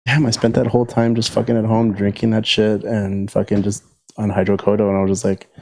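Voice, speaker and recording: A man's voice: fairly low pitch, little pitch movement, brisk, gravelly, darkish tone. A man in casual podcast chat, telling a rambling, profane, laid-back story.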